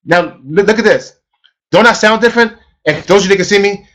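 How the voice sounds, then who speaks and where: A middle-aged man giving an energetic sales training talk, emphatic and repetitive, often asking the audience questions. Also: high voice, brisk. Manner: emphatic, repeats himself, asks the audience questions. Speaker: network marketing trainer.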